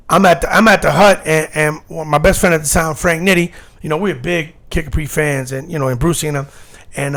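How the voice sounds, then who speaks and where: Male DJ storyteller, high gravelly voice, lively and animated in the studio. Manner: animated storyteller, acts out quotes. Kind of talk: casual storytelling on radio. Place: radio studio.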